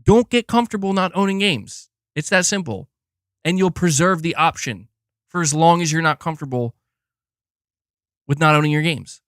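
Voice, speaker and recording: A man's voice: a little high, normal speed, long pauses, a bit bright, no echo, studio quality. A man live-streaming in casual chat, rambling and swearing with many restarts. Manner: profane, frustrated, rambling with restarts.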